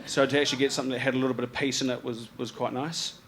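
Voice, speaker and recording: A man with a New Zealand accent talks loosely through his photographs before an audience, full of ums and self-corrections. His voice sits at an ordinary middle pitch. A faint murmur of room ambience runs underneath. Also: little pitch movement, racing, a bit bright, slight background noise. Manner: rambling and laid-back, many ums and restarts, slangy. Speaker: photographer giving a talk about his slides. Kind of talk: casual live presentation. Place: live event venue with an audience.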